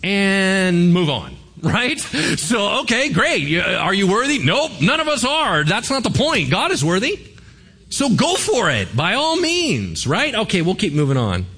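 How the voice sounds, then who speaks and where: A man's voice: sits high, huge pitch swings, measured pace, sharp tone, slightly rough. A man, a pastor, giving a sermon in a conversational, joking way, often asking the congregation questions.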